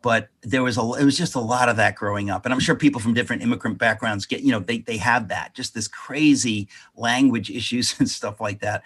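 A man's voice: mid-range voice, brisk, few pauses, a bit bright, husky. A man, an author being interviewed, telling a rambling family anecdote with many self-corrections. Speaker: author guest. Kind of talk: storytelling in an interview.

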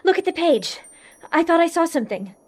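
An actress playing a calm, curious young woman who soothes her friend in a gentle, reassuring, often hushed voice, in an audio drama. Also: very high-pitched, fairly quick. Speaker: voice actor.

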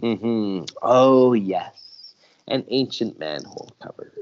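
Deep gravelly man, slow and lively. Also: lo-fi sound. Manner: animated, laughs often, puts on voices for characters. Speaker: podcast co-host reading a comic aloud. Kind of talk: casual chat, reading comic dialogue.

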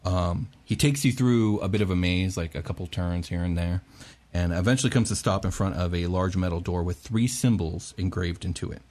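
A young man narrating as game master of a tabletop game, relaxed and chatty with lots of fillers. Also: low-pitched, fairly quick. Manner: relaxed, laughs often, filler-heavy.

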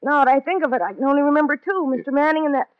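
Gushing, flirty secretary. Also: female voice, high-pitched, animated, rapid-fire. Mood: recounting. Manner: gushing and breezy. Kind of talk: 1940s radio acting. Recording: dull lo-fi old radio broadcast.

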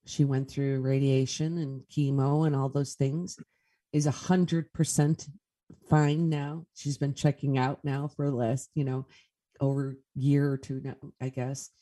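A woman's voice: very deep voice, little pitch movement, a little slow, mellow. A woman speaking as a guest medium in a casual interview, telling stories in an earnest way.

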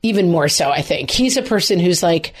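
A woman in her forties co-hosting a podcast, telling stories in a playful, animated way. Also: on the low side, fairly quick. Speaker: podcast co-host. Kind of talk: casual chat.

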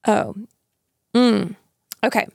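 A woman co-hosting a podcast, chatting casually in a playful, animated, self-mocking way. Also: mid-range voice, slow pace, gravelly, no room sound, clean studio sound. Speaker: podcast co-host. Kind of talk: casual chat.

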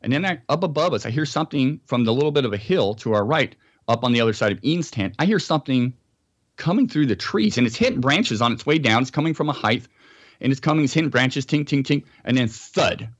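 A man's voice: medium pitch, animated, fast talker, no echo, lo-fi sound. An American man, a podcast guest, telling a story in a casual interview and acting out sounds and quotes.

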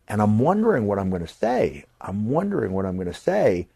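An older man hosting a podcast, telling animated stories and acting out the voices of people he quotes, sometimes jumping to a shout for a punchline. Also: fairly low pitch, fairly quick, vocal fry, husky, no room sound. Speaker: podcast host. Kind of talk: casual storytelling.

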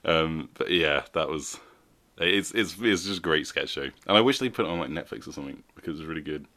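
Brief: low-pitched guy, giggly casual podcast banter. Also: brisk. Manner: laughs often, chatty and animated. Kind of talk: casual chat.

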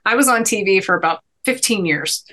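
A middle-aged woman appears as a guest in a sit-down podcast interview, sharing personal stories earnestly and emphatically, with inspirational lines. Her medium-pitched voice is expressive, fairly quick, bright, and forceful.

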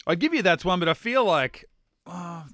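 A man's voice: high-pitched, expressive, moderate pace, a bit bright, no echo. A man co-hosting a podcast, joking and laughing as he chats about a TV episode. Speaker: podcast co-host. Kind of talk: casual chat.

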